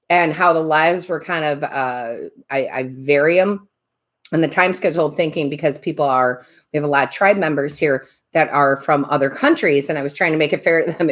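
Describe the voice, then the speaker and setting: A woman hosting a live tarot stream, chatting casually, laughing often and greeting viewers by name. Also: low-pitched.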